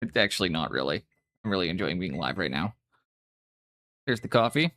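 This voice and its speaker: A young man from Canada's West Coast, with a mild Western Canadian accent, chats casually on a live stream while painting miniatures. His voice is low, animated, a little fast, and sharp, captured in studio quality with no echo. He's laid-back and mumbly, with casual swearing.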